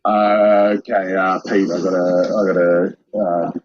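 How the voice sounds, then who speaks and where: Australian man, very low and slow, husky, stumbling and profane, muffled recording. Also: flat delivery, darkish tone, a little hiss or hum. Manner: hesitant, full of "uh", swears a lot.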